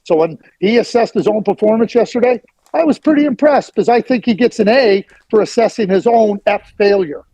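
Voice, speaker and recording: A man's voice: high voice, fairly quick, few pauses, dark tone, highs cut off. A middle-aged man giving blunt, emphatic hockey opinions as a guest on a sports radio interview.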